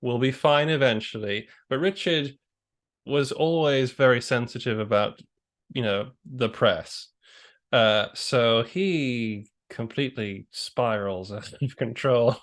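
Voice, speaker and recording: A man's voice: medium pitch, slow. A man hosting a casual history discussion, thoughtful and rambling as he talks through his ideas aloud. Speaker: podcast host.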